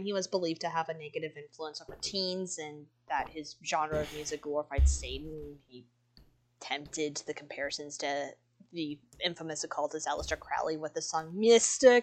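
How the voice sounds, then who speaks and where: A woman co-hosting a podcast in a casual chat, reading from notes with a chatty, easygoing manner. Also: on the low side. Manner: chatty, laughs often, reads out notes. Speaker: podcast co-host.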